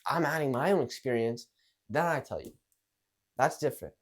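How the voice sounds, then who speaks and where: A man's voice: medium pitch, animated, normal speed. A young man coaching on social skills in a casual monologue, acting out example lines in jumpy voices and swearing casually.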